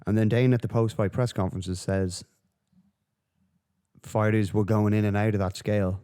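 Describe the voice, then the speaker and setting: A man's voice: on the low side, fairly even intonation, normal speed, warm tone, clean tone. A man hosting a solo podcast, rambling and swearing through casual commentary with lots of fillers. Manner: profane, rambling, with frequent fillers. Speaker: podcast host.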